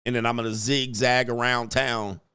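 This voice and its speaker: Male live-stream host, mid-pitched, loose and jokey, reads donor messages aloud. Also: level tone, moderate pace, pushed and bright, clean tone. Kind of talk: casual live-stream commentary.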